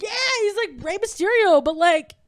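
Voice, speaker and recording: A young adult woman co-hosting a comedy podcast, chatting casually and excitedly with lots of "like" and quoted impressions. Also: very high-pitched. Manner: bubbly, rapid recaps full of "like" and quoted impressions. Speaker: podcast co-host.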